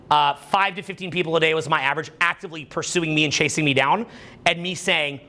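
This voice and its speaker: Bright, rambling man coaching social skills. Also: on the high side, fairly quick. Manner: rambling, animated, repeats "like" and "right?". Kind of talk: casual motivational talk.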